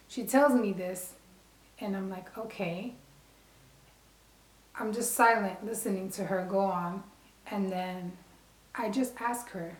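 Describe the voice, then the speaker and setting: Woman vlogger from the Bronx, lively storytelling to camera, echoey room. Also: medium pitch, a little slow. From Bronx, New York. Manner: animated, acts out quoted dialogue. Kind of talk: casual storytelling. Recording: roomy echo.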